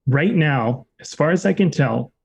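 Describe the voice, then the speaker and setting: A man on a podcast telling a personal story in a relaxed, casual way, full of "like" fillers and the odd swear word. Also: on the high side, measured pace, vocal fry, slightly rough, lo-fi sound. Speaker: podcast co-host.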